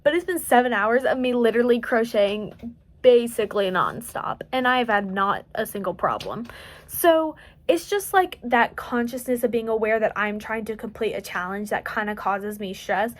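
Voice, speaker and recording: A woman's voice: on the high side, animated, moderate pace. Chatty eighteen-year-old woman, light country twang. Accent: light Southern US country. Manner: rambling, chatty, self-joking. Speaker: crochet vlogger. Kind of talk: casual late-night vlog chat. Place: at home.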